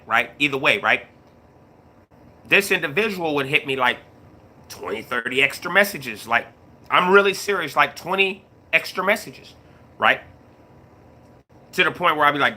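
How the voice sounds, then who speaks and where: Casting: middle-aged male streamer, somewhat high voice, very bright and forceful, laid-back chat to viewers. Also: lively intonation, normal speed, pauses often. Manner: laid-back, repeats himself, greets chat mid-story. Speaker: YouTube live streamer. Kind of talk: casual livestream talk to viewers.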